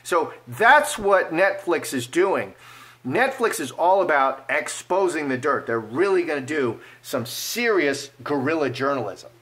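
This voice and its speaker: A man giving casual fortune-telling commentary as he reads cards, animated and playful, acting out imagined speech. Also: fairly high pitch, measured pace. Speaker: card reader.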